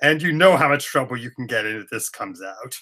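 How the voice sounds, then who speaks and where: Male player, bright tone, stammers and restarts while speaking in character. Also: mid-range voice, expressive, a little fast. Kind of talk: tabletop role-play, in and out of character.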